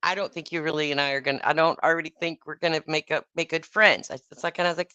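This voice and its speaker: A woman's voice: deep voice, quick pace, pushed and bright, no echo. A woman telling a story in casual chat. She is blunt and profane and laughs as she talks. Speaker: podcast host.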